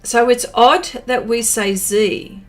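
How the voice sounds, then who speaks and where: A woman's voice: on the high side, steady tone, takes it slowly, faint music behind. An Australian woman hosting a livestream, chatting casually and reading viewer comments aloud with lots of fillers. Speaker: livestream host. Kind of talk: casual chat while painting, reading comments.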